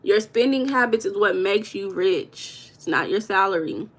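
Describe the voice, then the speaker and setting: A woman's voice: medium pitch, expressive, a little slow. A woman hosting a live stream, chatting casually and reading viewers' comments aloud with an affectionate manner. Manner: affectionate, calls viewers baby.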